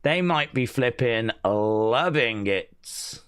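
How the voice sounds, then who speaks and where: A man's voice: medium pitch, animated, takes it slowly, a bit bright, smooth, no echo, studio quality. A middle-aged man hosting a live wrestling watch-along who rants sarcastically and with exasperation while he reacts. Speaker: live stream host.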